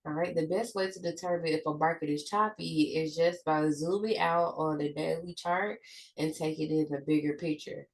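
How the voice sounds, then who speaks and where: A woman's voice: deep voice, moderate pace, poor audio. A woman with a stuffed-up nose, reading a trading lesson from her notes, with slips and restarts. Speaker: trading educator.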